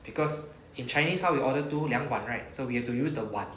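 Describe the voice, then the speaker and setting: A Japanese teacher with a Singaporean English accent leads a language class, explaining patiently step by step and modelling words for students to repeat. His mid-range voice is a bit bright and he talks fast. The room is echoey, with faint noise.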